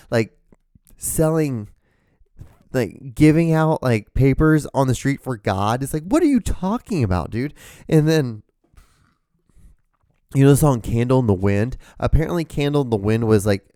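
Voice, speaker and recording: A man in his thirties hosting his own show, rambling excitably in a casual, profane monologue. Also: on the low side, no room sound, clean studio sound. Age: 30s. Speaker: show host.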